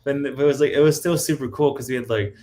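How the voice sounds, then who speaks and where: A man's voice: mid-range voice, steady tone, fast, mellow. A man speaking as a guest on a podcast in casual, chatty talk full of fillers. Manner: chatty, laughs often, many fillers. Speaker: guest cosplayer.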